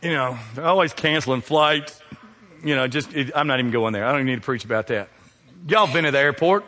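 Preacher in a reverberant hall. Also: male voice, fast talker. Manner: call-and-response preaching, rises high and loud then drops low. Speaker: pastor. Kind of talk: sermon.

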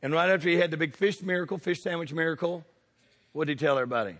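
A middle-aged man preaching a sermon, animated and throwing questions at the congregation. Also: on the high side, very fast, big-room sound. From United States.

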